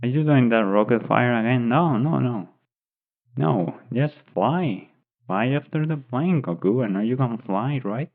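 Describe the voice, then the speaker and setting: A man's voice: mid-range voice, lively intonation, a little slow. A man putting on the voice of a bossy teenage girl who nags impatiently, in a tinny phone-like recording. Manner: impatient, nagging.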